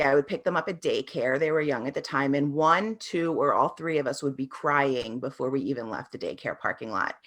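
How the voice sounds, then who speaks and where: A woman's voice: sits low, fairly bright tone. A woman answering interview questions as a parenting coach, telling her experiences in an earnest, reflective way.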